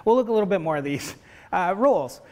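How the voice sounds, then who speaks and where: A middle-aged man lectures a roomful of facilitators. His voice sits high for a man, and he keeps checking in with "right?" while acting out little family scenes. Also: expressive, quick pace, dark tone. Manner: conversational, keeps asking "right?", acts out family dialogue. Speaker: university professor teaching facilitators. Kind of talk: lecture with personal stories.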